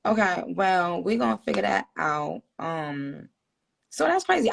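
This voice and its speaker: A woman's voice: fairly low pitch, very animated, unhurried, creaky. A woman hosting a livestream, chatting in a laid-back, drawling way and asking her guest questions. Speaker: host of the livestream. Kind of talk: casual livestream chat. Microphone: phone.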